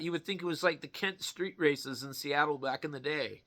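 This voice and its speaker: A man vlogging a casual rant, swearing constantly and mocking people in an animated, loose way. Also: a little high, moderate pace. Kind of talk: profane casual rant to camera.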